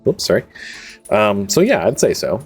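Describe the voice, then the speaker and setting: A man's voice: fairly low pitch, wildly swooping pitch, moderate pace, soft background music. A young man running a tabletop game as game master, narrating casually at home into his own microphone, rambling with lots of "like" and "um" and laughing easily.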